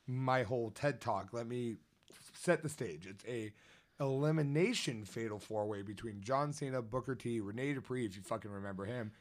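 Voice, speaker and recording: A man's voice: medium pitch, moderate pace. Man, podcast co-host, casual chat, profane, long explanations.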